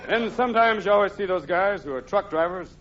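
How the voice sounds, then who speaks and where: A man performing high-energy stand-up comedy, switching between impressions and shouted bits. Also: a little fast. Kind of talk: stand-up comedy with rapid character voices. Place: large live theater with audience. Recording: dull live 1983 recording with loud crowd.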